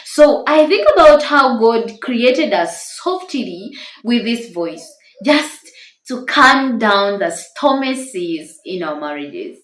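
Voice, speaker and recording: A woman's voice: a little high, big pitch swings, takes it slowly, a bit bright, reverberant. A woman with a tender, small voice giving an earnest, encouraging devotional talk to camera. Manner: earnest, encouraging, stresses words. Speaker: Christian marriage-tips YouTuber.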